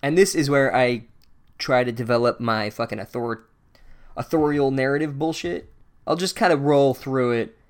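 A man's voice: medium pitch, moderate pace. A man hosting a casual comedic book recap, speaking in a sarcastic, profane, rambling way. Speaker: podcast host recapping a book.

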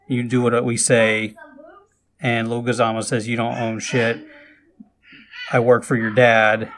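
A man's voice: mid-range voice, a little hiss or hum. Man casually recapping a movie plot. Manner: rambling retelling with restarts and quoted lines.

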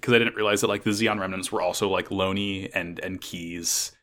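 Bright-voiced man rambling and swearing. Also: lowish voice, steady tone, fast. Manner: rambling, frequent swearing and restarts. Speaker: podcast co-host. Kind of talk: casual chat recapping an anime episode.

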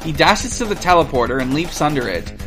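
A man's voice: a little high, lively intonation, brisk, music in the background. A man hosting a casual read-through of a gamebook with wry asides. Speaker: host reading a gamebook. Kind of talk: casual reading aloud and chat.

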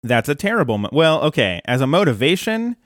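A man's voice: on the high side, big pitch swings, fairly quick, dry recording, studio quality. A man co-hosting a podcast, chatting casually about a cartoon episode, enthusiastic and often laughing. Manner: enthusiastic, laughs often, quotes lines with a grin. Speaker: podcast co-host.

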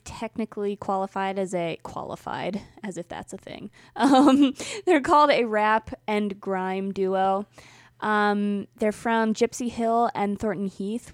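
A young woman co-hosts a casual music review chat, gushing and rambling with plenty of ums. Her voice sits at an ordinary middle pitch and the recording is dry and close. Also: no room sound. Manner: chatty, gushing, frequent ums and laughs. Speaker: music podcast co-host.

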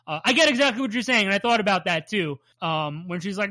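A woman's voice: medium pitch, fairly quick, hardly any pauses, dry recording. A woman co-hosting a podcast, recapping a cartoon episode in casual chat, swearing often and laughing. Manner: swears a lot, animated and laughing. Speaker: podcast co-host.

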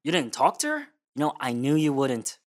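An actor playing a scheming young man in an audio drama, with a dry, deadpan, matter-of-fact delivery. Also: on the high side, a little fast. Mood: sly.

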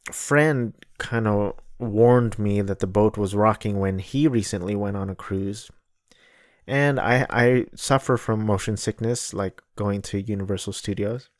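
A man's voice: fairly low pitch, no room sound, studio quality. A man in his thirties telling a rambling travel story in a casual, wry way, often correcting himself mid-sentence. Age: 30s.

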